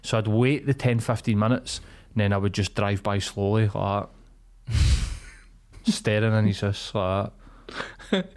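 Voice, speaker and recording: A young Scottish man telling a story on a casual podcast. He swears freely and slips into little voices for the people in the tale, in an animated, chatty way. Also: lowish voice, unhurried, pauses often. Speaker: podcast co-host. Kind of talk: casual chat.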